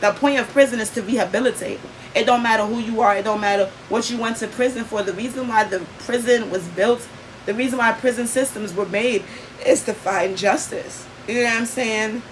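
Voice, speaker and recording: A woman's voice: on the high side, fairly quick, slight background noise, low-quality recording. A young adult woman vlogging, telling a personal story in an earnest, emphatic way, with lots of fillers.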